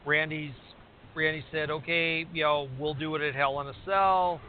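A man in casual chat, rambling and restarting his sentences as he recaps matches. His voice sits a little high for a man. It comes through a tinny phone line with a faint hiss behind it. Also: fairly even intonation, moderate pace. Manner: rambling, many restarts and fillers. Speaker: podcast co-host recapping wrestling.

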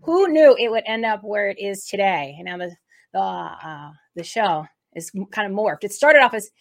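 A woman co-hosting a faith talk show, opening the episode in a rambling, excitable way with many restarts. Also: medium pitch, normal speed. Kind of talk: casual spoken introduction.

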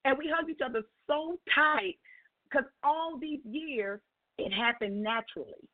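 A middle-aged woman on a call-in show, telling her story in a lively way and acting out each voice in the dialogue. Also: measured pace. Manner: expressive, acts out dialogue with big pitch jumps. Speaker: call-in guest sharing a testimony. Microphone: telephone. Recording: tinny phone line.

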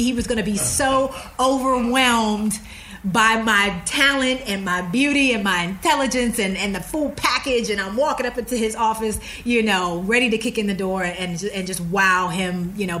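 A woman guest telling a story in a casual interview, lively and frank, acting out the voices of the people she quotes. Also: slight background noise. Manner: animated, acts out quoted dialogue with big pitch jumps. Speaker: podcast guest.

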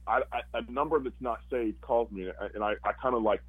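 A man's voice: medium pitch, fast talker, breathy edge, no echo, narrow, tinny audio. A man, a former football player, telling his story casually and animatedly, acting out quotes with lots of fillers.

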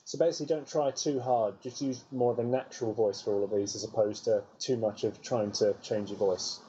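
Very deep-voiced woman host, lo-fi. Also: fairly even intonation, a little fast, dark tone, husky. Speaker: interview host. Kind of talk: interviewing. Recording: dull lo-fi audio, faint background hiss.

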